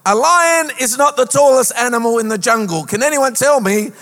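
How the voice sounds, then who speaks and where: A man preaching a lively sermon as a pastor, with a sing-song rhetorical delivery. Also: very high voice, normal speed. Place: church auditorium. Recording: long hall reverb.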